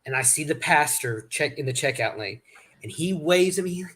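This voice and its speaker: A man's voice: fairly high pitch, expressive, normal speed, a bit bright. A man hosting a casual chat, telling rambling stories with many restarts. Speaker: host.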